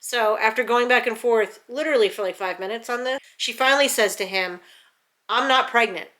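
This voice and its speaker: A middle-aged woman from the New York area telling a family story at home in a chatty, animated way, full of fillers and restarts. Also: on the high side, a little fast. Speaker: vlogger. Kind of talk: casual storytelling.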